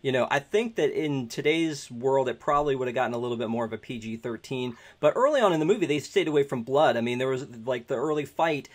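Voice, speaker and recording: A man's voice: medium pitch, animated, fast talker, hardly any pauses. Easygoing man chatting about a film. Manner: loose, filler-heavy chat. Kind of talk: casual movie review chat.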